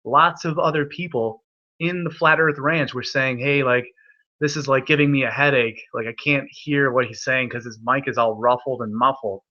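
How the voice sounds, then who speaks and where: A man's voice: mid-range voice, fairly even intonation, moderate pace, sharp tone, muffled recording. A young man hosting an online hangout, telling a rambling, profane story full of restarts. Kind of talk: rambling casual chat.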